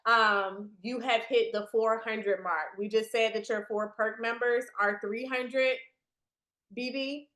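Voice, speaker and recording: A woman's voice: a little high, steady tone, takes it slowly, bright, forceful tone, echoey room. A woman leading a business training presentation on a video call for new team members, chatty and speaking straight to her listeners. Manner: chatty, addresses the audience directly.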